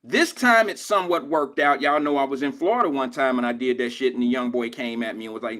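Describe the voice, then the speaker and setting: A man's voice: medium pitch, fast talker, hardly any pauses, fairly bright tone. An older man hosting a drive-time radio show, telling stories in casual, profane street slang. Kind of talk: casual talk radio monologue.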